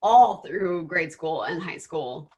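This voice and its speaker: A woman's voice: low voice, lively intonation, slow pace, darkish tone, husky, dull audio. A woman co-hosting a podcast, chatting casually and supportively with her co-host. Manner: supportive and conversational. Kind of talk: casual chat.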